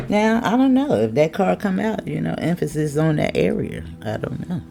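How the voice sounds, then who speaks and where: A woman giving a casual tarot reading, chatty, with laughing asides and drawn-out exclamations. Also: low-pitched, sing-song, gravelly, background noise. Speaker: tarot reader.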